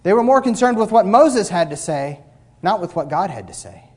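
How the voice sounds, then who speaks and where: Male pastor, sermon delivery, slightly raised pitch, emphatic with wide swings in loudness, sardonic asides. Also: sing-song, normal speed, slightly rough. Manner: emphatic, swings between loud and quiet; mocks complainers with blah-blah asides.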